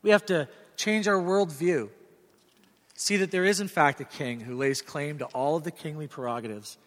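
A man's voice: on the high side, moderate pace. A middle-aged man preaching a sermon as pastor, earnest and direct, telling stories with animation. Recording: reverberant hall sound.

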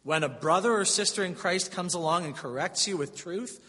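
A man's voice: sits high, normal speed, pushed and bright. A middle-aged man, a pastor, preaching a sermon in a conversational way with personal stories. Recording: long hall reverb.

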